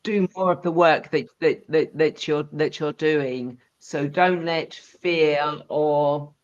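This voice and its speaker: A woman co-hosts a live spiritual reading, speaking very slowly and reaching for her words, often restarting a phrase. Her audio comes through dull and muffled, like a low-quality stream. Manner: slow, halting, searching for words. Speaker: psychic reader and co-host.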